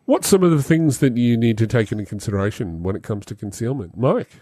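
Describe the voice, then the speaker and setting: Man, podcast host, casual chat, animated, dry close mic. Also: fast, dry recording. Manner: animated, jumps high for jokes. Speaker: game master podcast host.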